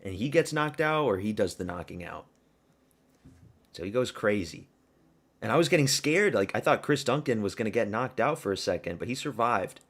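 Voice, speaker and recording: A man hosting a fight watch-party stream, giving excitable, profane live reactions and yelling at the screen. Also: lowish voice, normal speed.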